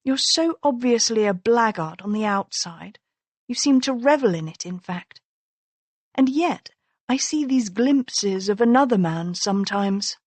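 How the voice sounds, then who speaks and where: A woman voicing a sharp-tongued young noblewoman in an audiobook, with an arch, teasing manner. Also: medium pitch, expressive, unhurried, no room sound. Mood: earnest. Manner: arch, teasing, mock-concerned.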